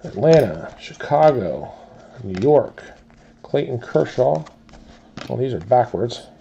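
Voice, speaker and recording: A man hosts a card break and reads each team and player aloud in an even, listing way. His voice is low and dark with a gravelly edge, and he takes his time. Pitch sits in the middle. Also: highs cut off, slight background noise. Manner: steady rapid-fire listing of teams and players. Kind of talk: calling out cards in a box break.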